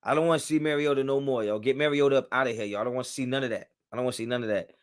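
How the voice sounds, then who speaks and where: A man's voice: medium pitch, rapid-fire. A man hosting a casual live stream, reacting to viewer comments in loose, slangy talk. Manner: loose and slangy, talks back to chat. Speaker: livestream host.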